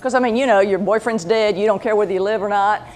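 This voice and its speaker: A woman's voice: mid-range voice, fast talker, a little hiss or hum. A woman telling a personal story in a casual way, acting out the voices of the people she quotes. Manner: animated, acts out quoted voices. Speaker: pet medium, show host.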